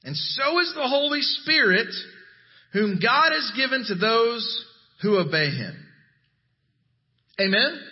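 A man preaching a sermon as pastor, animated and emphatic. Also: muffled recording. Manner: animated, rising to emphatic highs.

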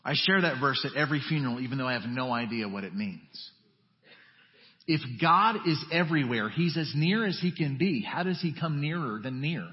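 A male pastor preaching a sermon in a conversational way, dropping to a hush and then rising to emphatic, urgent lines. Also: mid-range voice, animated, normal speed. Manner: conversational preaching with wide swings from hushed to emphatic. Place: church sanctuary. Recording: dull audio with long church reverb.

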